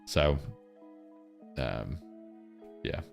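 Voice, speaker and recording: Crude, joking man, deep voice. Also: lively intonation, very slow, creaky, soft background music. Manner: crude, joking, rambling banter with chat. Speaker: trading live streamer. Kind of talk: casual live-stream chat and chart lesson.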